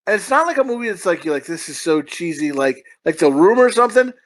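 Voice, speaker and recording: Profane rambling man with a high voice. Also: very animated, fast talker, low-quality recording. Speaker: podcast co-host. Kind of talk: casual movie review chat.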